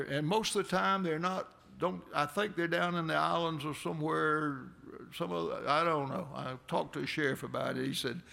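A man's voice: fairly high pitch, creaky, a bit bright. A man preaching a folksy sermon in a church, rambling into conversational asides with a chuckle now and then. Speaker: pastor. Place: church sanctuary.

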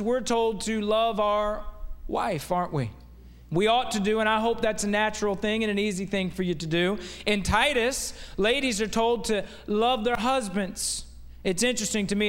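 A man's voice: high voice, a bit bright, big-room sound. A man preaching as a guest preacher, delivering a folksy, conversational sermon full of rhetorical questions. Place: church sanctuary.

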